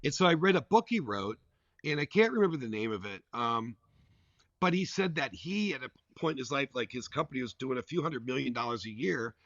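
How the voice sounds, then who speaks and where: A man's voice: mid-range voice, a little fast, dry recording. A man, a podcast guest, telling a story in a casual, rambling way with lots of "like" fillers. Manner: rambling and animated, full of "like" fillers. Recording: dull, dry lo-fi recording.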